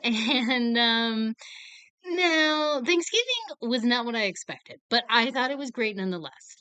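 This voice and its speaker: Animated young woman rambling about films. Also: medium pitch, clean tone, no room sound. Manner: rambling, animated, filler-heavy. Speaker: horror film reviewer. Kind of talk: casual chat.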